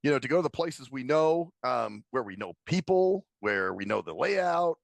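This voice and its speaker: A man co-hosting a casual podcast chat, telling animated stories and laughing often. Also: mid-range voice, normal speed, gravelly, no echo. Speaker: podcast co-host.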